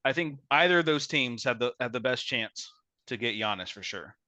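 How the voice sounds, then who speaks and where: A man hosting a casual sports podcast, giving measured opinions with frequent restarts. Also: medium pitch, expressive, bright, forceful tone, dry recording. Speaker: podcast host.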